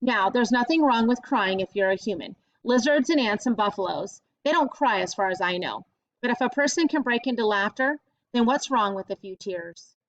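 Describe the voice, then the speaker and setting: A woman doing a gentle, drawling old grandma. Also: on the high side, lively intonation, normal speed, no echo. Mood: tender. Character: warm, folksy elderly grandmother. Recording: dull lo-fi audiobook recording.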